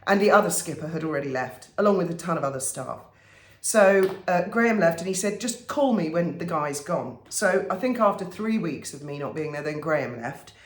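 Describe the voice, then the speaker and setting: A woman vlogger telling stories to camera in a casual way, animated and wry, often exasperated. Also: fairly low pitch, a little fast, reverberant. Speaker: vlogger and commentator.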